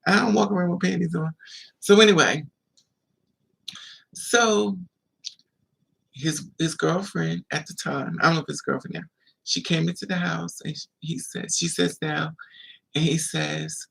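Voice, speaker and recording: Man, gravelly, husky, slightly high voice, chatty story-time vlog, rambling asides. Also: fairly even intonation, measured pace, pauses often, fairly bright tone. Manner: chatty, digressive, laughing asides. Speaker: vlogger. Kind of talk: casual storytelling. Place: indoors, at home.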